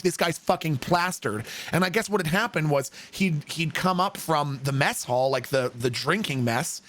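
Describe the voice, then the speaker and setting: A man streaming a game, telling a long rambling story in a casual, profane, animated way. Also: high-pitched.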